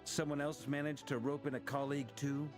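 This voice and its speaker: A man's voice: fairly high pitch, flat delivery, brisk, lightly acted. A man playing a confident knight commander. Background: game music.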